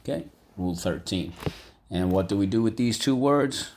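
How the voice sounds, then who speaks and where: A man teaching a vocabulary lesson from home, repeating words slowly for students to echo. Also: on the low side, lively intonation, a little mellow, a little hiss or hum. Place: home room.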